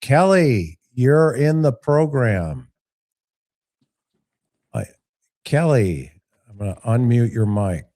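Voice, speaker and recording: A man's voice: medium pitch, sing-song, takes it slowly, pauses often, dark tone. A man hosting a live call-in show, talking with callers in an easygoing, playful and direct way. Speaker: host taking live callers.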